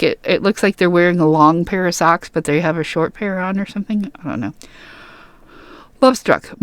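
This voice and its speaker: A woman's voice: lowish voice, smooth, dry recording. A young woman reading game patch notes aloud and rambling between them in casual, chatty commentary full of fillers and restarts. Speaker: gaming YouTuber.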